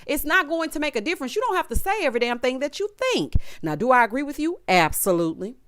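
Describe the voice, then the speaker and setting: Sassy woman with a lively voice. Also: high voice, fast talker, no room sound. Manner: sassy, talks to viewers directly, acts out cast members' lines. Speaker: reality TV recap host. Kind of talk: casual opinionated recap.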